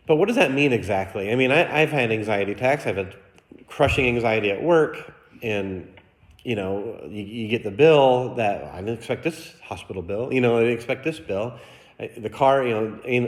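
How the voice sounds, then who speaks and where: A middle-aged man preaching as pastor, telling a personal story with acted-out quotes and questions to the congregation. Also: mid-range voice. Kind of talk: sermon. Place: church sanctuary. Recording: echoey church sanctuary.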